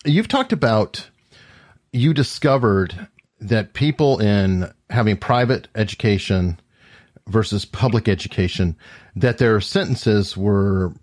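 A man's voice: lowish voice, slow pace, a little mellow, no echo, studio quality. An American man hosting a podcast, chatting casually and slipping in wry jokes. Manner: jokey, wry asides. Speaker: podcast host.

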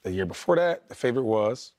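A man who used to play football, giving his view on a sports debate show in an animated, emphatic way. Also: mid-range voice, fast. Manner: animated, emphatic, talks over others. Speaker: former football player, analyst.

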